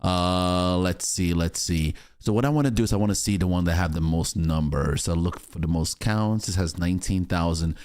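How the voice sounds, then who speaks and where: A man hosting a reaction show, commenting in a relaxed, casual way and thinking aloud as he goes, on a studio mic. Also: deep voice, moderate pace, few pauses, dry recording. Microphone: studio broadcast mic.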